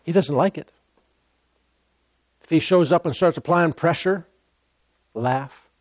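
Guy preaching a sermon, lots of repeats and stutters, gets loud and laughs, dry sound. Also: a little high, slow, dry recording. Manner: emphatic, repeats words, bursts into laughter and loud exclamations.

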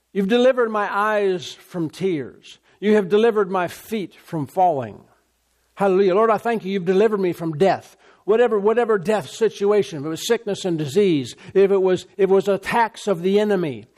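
High-voiced preacher man with repetition. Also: darkish tone. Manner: call-and-response asides, repeats phrases for emphasis; reads scripture aloud, then expounds. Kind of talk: sermon.

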